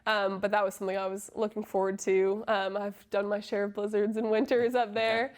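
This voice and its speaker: A college soccer player in her twenties, originally from Massachusetts, talks through interview questions in a casual, friendly way. Her pitch stays fairly level and flat, and she leans on "um" between thoughts. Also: fairly quick. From Massachusetts, USA. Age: 20s. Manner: friendly, lots of um fillers.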